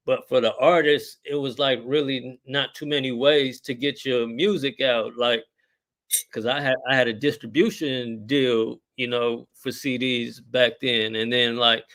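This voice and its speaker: Laid-back middle-aged rapper, rambling. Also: male voice, medium pitch, steady tone, unhurried, fairly bright tone. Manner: laid-back, rambling, heavy on filler words and slang. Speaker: rapper guest. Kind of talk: casual podcast interview.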